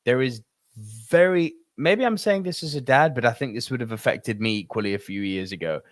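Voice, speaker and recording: A man's voice: mid-range voice, lively intonation, a little fast, no room sound, studio quality. A man in his thirties co-hosting a podcast, talking about films in an emphatic, swearing, ranting way. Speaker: podcast co-host. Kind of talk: casual film discussion.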